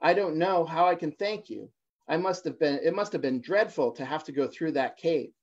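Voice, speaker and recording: A man's voice: a little high, moderate pace. A man voicing a sick male fish in a storybook reading, weak and moaning. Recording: dull lo-fi livestream audio.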